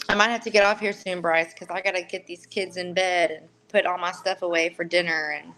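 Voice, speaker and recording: A woman co-hosts a livestream sports chat in a fairly low voice. She is chatty and easygoing throughout. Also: steady tone, brisk, a bit bright, poor audio.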